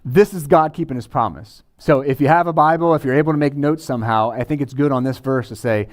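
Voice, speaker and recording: A man's voice: mid-range voice, fast talker. A man preaching a sermon in a conversational way, with casual asides to the congregation. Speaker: pastor.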